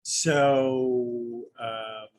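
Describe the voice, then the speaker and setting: Musing, low-voiced male Zen teacher. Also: fairly even intonation, very slow, darkish tone, poor audio. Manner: musing, conversational, thinks aloud with light humor. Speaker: Zen Buddhist priest giving a dharma talk. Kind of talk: informal dharma talk.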